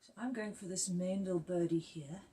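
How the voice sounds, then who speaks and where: A woman's voice: on the low side, moderate pace, mellow, slight background noise, poor audio. A woman designer giving a chatty, jokey, self-mocking demonstration of her own product from her office. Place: home office.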